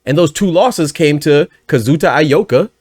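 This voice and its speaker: A man hosting a boxing news channel in energetic, chatty commentary, full of asides and bursts of laughter. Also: on the high side, moderate pace, no echo, studio quality. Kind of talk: casual commentary.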